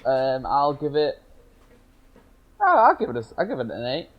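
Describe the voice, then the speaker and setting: A man co-hosting a casual movie podcast, his voice sitting at an ordinary middle pitch for a man. He meanders through his thoughts and often fumbles for the right words. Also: huge pitch swings, normal speed, lo-fi sound. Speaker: podcast co-host.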